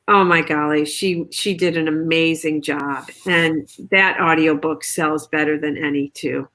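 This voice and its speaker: Low-ish voiced woman on a video call, chatty, tells stories and acts out little quotes. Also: a little slow. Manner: chatty, animated storytelling with quoted asides. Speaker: author guest. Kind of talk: casual video chat.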